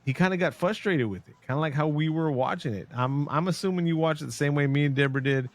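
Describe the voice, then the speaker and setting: A man co-hosting a casual podcast about a film, retelling scenes with animated storytelling and acted-out quotes. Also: on the high side, fast talker. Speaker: podcast co-host.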